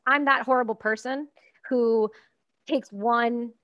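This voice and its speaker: A woman's voice: a little high, steady tone, takes it slowly, a bit bright, smooth, no room sound, highs cut off. A woman from Canada hosting a casual podcast conversation, speaking bluntly and emphatically and swearing freely.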